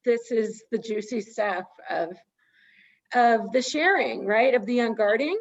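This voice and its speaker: A woman's voice: fairly high pitch, measured pace, dull audio. A woman hosting a post-screening talk, reflecting aloud and searching for words. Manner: searching, restarts phrasing while reflecting. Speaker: interview host.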